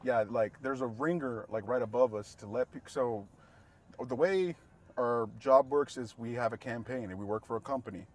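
A young man co-hosting a casual podcast, telling crude stories with loud, animated delivery. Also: mid-range voice, normal speed, a little hiss or hum. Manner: loud, animated storytelling with profanity. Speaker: podcast co-host.

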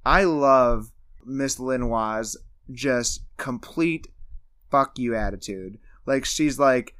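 A man co-hosting a casual podcast, recapping a cartoon movie and acting out the characters' lines with lively energy. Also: mid-range voice, slow, smooth. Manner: animated, acts out characters' lines while retelling. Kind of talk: casual chat.

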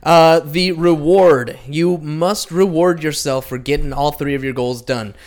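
Man, podcast co-host, casual rambling chat, self-deprecating, fairly high voice. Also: fairly even intonation, measured pace, darkish tone.

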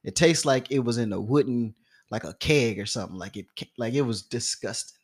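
A man's voice: mid-range voice, fairly quick. A young man on a podcast, telling a story casually and acting out the other people's voices with lots of laughing. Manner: animated, acts out quoted voices, laughs often. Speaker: podcast co-host.

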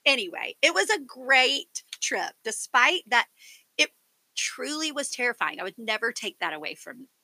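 High, teasing woman. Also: big pitch swings, moderate pace, sharp tone. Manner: teasing, giggly storytelling. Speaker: podcast co-host. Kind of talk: casual chat.

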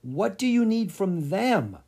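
A storybook reader voicing a gentle, concerned old male wizard who asks soft questions. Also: medium pitch, very animated, takes it slowly, slightly rough, pitched above the performer's own voice, exaggerated voice.

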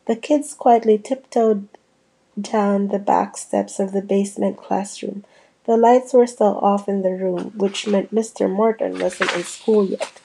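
A woman reading a children's ghost storybook aloud, voicing the kids' lines with a lively lift. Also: mid-range voice, unhurried, vocal fry, breathy edge, low-quality recording. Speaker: audiobook reader. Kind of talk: storybook narration.

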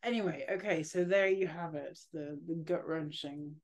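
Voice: mid-range voice, normal speed. A podcast co-host in a casual book discussion who chats loosely and often trails off mid-thought. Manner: chatty, trailing off, many fillers.

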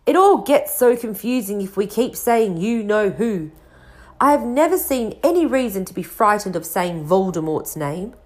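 A woman voicing an old male wizard headmaster who speaks calmly and gently, with a touch of teasing. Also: medium pitch, normal speed. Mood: gentle. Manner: calm, gentle, mildly teasing.

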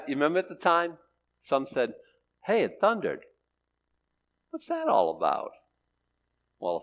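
An older man delivers a sermon in a lively, animated voice, his pitch rising and falling widely. He swings from loud, emphatic declarations to hushed, quiet asides. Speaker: preacher.

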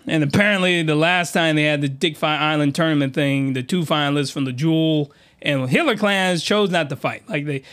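High, bright-voiced man ranting comically. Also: normal speed, clean tone. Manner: animated, jumps into high-pitched shouted outbursts; slangy, rambling, with many restarts. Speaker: podcast host reviewing a comic. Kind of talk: comedic comic review monologue.

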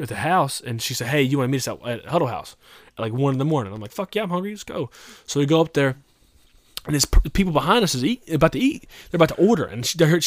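A man's voice: medium pitch, dry recording. A young man hosting a podcast, chatting casually and profanely, rambling through stories with lots of slang. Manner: fast, profane, rambling storyteller. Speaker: podcast host.

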